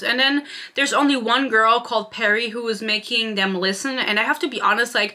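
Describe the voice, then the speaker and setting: A woman's voice: a little high, bright, forceful tone. A young woman in her twenties reviewing a book in a casual, sarcastic rant, swearing freely. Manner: sarcastic, swears freely, mimics characters in quotes.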